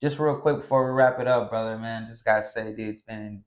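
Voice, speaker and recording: A man's voice: lowish voice, steady tone, brisk. A man hosting a podcast, chatting casually and agreeably, with plenty of slang and affirmations. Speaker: podcast host. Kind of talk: casual chat. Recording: dull lo-fi sound.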